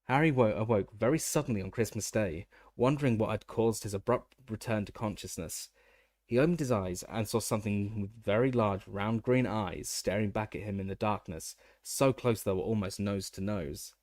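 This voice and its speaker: A man's voice: fairly low pitch, moderate pace, darkish tone, dry recording, clean studio sound. A man reading an audiobook aloud, often stumbling over words and restarting. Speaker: audiobook narrator.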